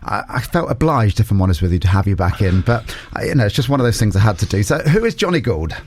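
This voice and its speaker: A man hosting a podcast interview, playful and quick to laugh. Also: on the low side, sing-song, darkish tone, a little hiss or hum. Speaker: podcast host. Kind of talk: casual interview.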